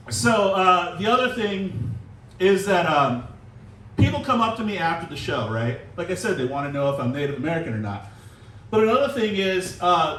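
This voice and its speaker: High-voiced wry comedian in a roomy venue. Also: male voice, fairly bright tone, a little hiss or hum. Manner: wry, self-deprecating delivery with filler pauses. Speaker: stand-up comedian. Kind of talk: stand-up set. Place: small comedy room in a comic shop. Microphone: handheld mic, recorded from the room. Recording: roomy, distant audience recording. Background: audience laughter.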